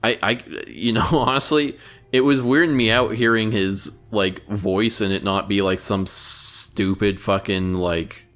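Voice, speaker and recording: A man's voice: fairly low pitch, fairly even intonation, unhurried, a bit bright. A young man co-hosting a podcast in casual chat, sardonic and crude, often stumbling over his words. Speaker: podcast co-host.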